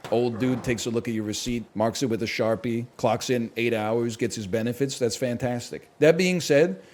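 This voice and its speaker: A man streaming a game, telling stories in a casual, rambling way, animated and profane, with wry asides and acted-out quotes. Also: mid-range voice, a little hiss or hum. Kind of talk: casual rambling storytelling while gaming.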